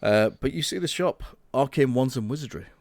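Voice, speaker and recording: A man running an online tabletop game as game master, laid-back and quick to laugh, talking into a home mic on a video call. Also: mid-range voice, animated, dry recording.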